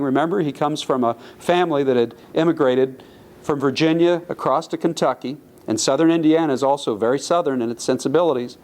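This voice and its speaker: A man's voice: on the high side, a little mellow. A middle-aged man giving a public lecture in a conversational, anecdotal way, often correcting himself mid-phrase. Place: lecture hall.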